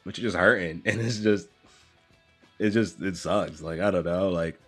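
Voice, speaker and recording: A man's voice: sits low, normal speed, breathy edge, soft background music. A man talking openly and casually, rambling a little, swearing and laughing often. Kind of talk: casual podcast chat.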